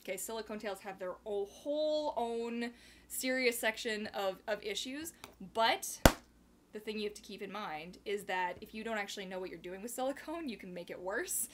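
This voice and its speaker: A young woman from Canada hosting a casual live chat, bubbly and rambling, reading viewer comments aloud and breaking into quick laughs. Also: medium pitch, a little hiss or hum. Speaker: livestream host.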